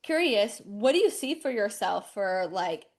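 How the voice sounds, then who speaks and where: A woman's voice: mid-range voice, animated, measured pace. Encouraging woman host, filler-heavy. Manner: warm, encouraging, rambling with fillers. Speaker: nutritionist host. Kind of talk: casual interview.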